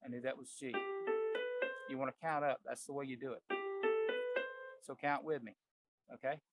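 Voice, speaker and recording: At a moderate pace and with fairly even intonation, a mid-range-voiced piano teacher leads a relaxed ear-training session, naming each note he plays and thinking aloud. Loud piano playing sounds behind his voice.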